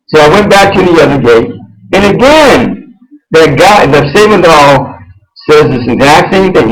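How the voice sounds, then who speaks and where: Male host, slightly higher voice, loose and rambling storyteller who restarts his phrases. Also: expressive, normal speed, low-quality recording. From United States. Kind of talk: casual personal storytelling on an internet radio show.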